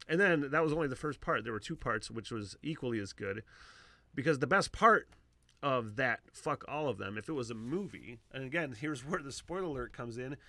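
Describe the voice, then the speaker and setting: A man hosting a casual solo podcast, talking in a rambling, profane way that swings from loud excitement to low mutters into a close microphone. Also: fairly quick, gravelly, dry recording. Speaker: podcast host.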